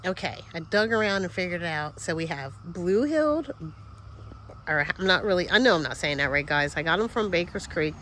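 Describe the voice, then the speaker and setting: A woman's voice: lowish voice, fast, few pauses, pushed and bright, a little hiss or hum. A woman giving a casual tour of her vegetable garden outdoors, chatty and easily distracted, sniffling a little as she talks.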